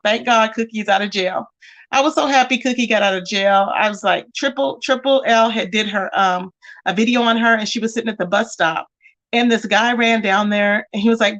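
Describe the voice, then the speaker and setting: Talking a little fast, a chatty woman with a fairly high voice addresses her livestream viewers casually. She reads their comments aloud and keeps calling them "y'all" and "baby" in an animated, conversational style.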